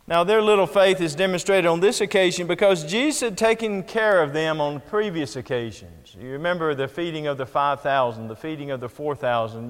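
A man's voice: a little high, fairly bright tone, smooth, long reverb tail. A man preaching a sermon, reading scripture aloud and pressing hard on key phrases. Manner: Bible-reading, rising with emphasis on key phrases.

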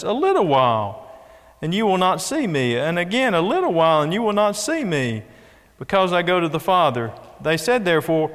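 A man's voice: on the high side, a bit bright. A man preaching a sermon in an earnest way, repeating key phrases as he builds emphasis. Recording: long echo of a large hall.

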